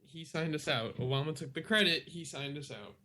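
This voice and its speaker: A man's voice: on the high side, a little fast, pushed and bright. Hesitant casual co-host, male. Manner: casual, hesitant, many fillers. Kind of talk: political debate on talk radio.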